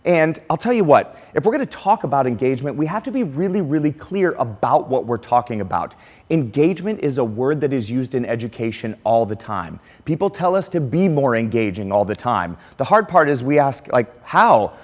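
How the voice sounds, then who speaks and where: A middle-aged man giving a conference keynote, telling a classroom story and acting out the quotes. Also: brisk. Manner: animated, acts out quotes with lively pitch swings. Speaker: keynote speaker.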